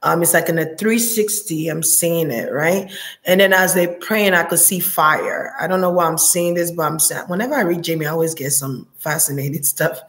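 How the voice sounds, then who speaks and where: A woman giving an intuitive reading, musing aloud in a halting way and often pausing to search for words. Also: on the low side, a bit bright, roomy sound. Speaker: psychic reader.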